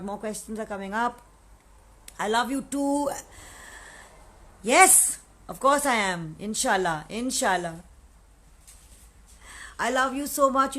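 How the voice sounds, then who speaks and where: A woman's voice: on the high side, a bit bright, poor audio. A woman from Pakistan chatting casually on a live stream, answering fans and mixing Urdu words into her English. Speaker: actress answering fan questions on a live stream.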